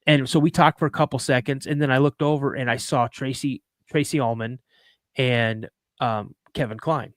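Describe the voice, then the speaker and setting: A man's voice: medium pitch, fairly even intonation, moderate pace, no echo. Man telling rambling stories, dry sound. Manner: rambling, restarts and repeats words. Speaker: podcast host. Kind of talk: casual anecdotal storytelling. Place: live podcast show.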